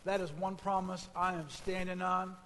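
Fervent high-voiced male preacher. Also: little pitch movement, moderate pace, fairly bright tone, long reverb tail. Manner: preaching with rising fervor, repetition. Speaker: pastor. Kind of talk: sermon.

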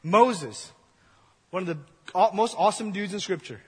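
High-pitched, bright young preacher in a hall. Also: male voice, normal speed, breathy edge. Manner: casual, joking storytelling, acts out voices. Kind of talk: sermon. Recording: long hall reverb.

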